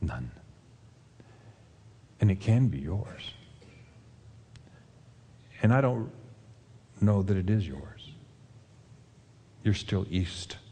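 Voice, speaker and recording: A man preaching a sermon as pastor, earnestly retelling a film scene and dropping to a soft, intense voice at moving points. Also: low-pitched, sing-song, very slow, pauses often, breathy edge.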